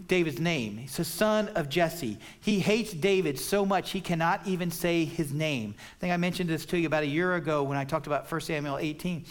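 A man preaching an expository sermon, explaining scripture in a plain, conversational way. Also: on the high side. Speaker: pastor.

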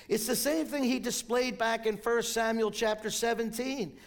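An older man preaching a sermon as pastor, telling stories and quoting scripture, sometimes rising to shouts. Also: very high-pitched, fairly even intonation, normal speed, gravelly, hardly any pauses.

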